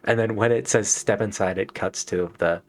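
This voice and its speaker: Brief: male player narrating a story game, deep-ish voice, playful dramatic reading. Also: fairly even intonation, normal speed, faint music behind. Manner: dramatic reading broken by laughing and joking. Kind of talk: reading a visual novel aloud.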